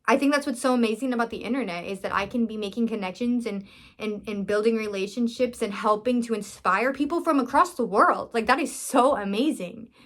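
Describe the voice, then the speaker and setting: A young woman who vlogs and runs a business talks to camera in a casual, heartfelt way, earnest and emotional as she rambles and restarts sentences. Her voice is on the high side, and she speaks fairly quickly.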